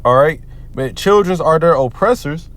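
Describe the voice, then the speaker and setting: A man with a high, very lively voice that swings up and down as he rants. He talks in a heated, profane, preachy way, like a street preacher. He breaks off to read scripture aloud in commentary style. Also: moderate pace. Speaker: commentary vlogger.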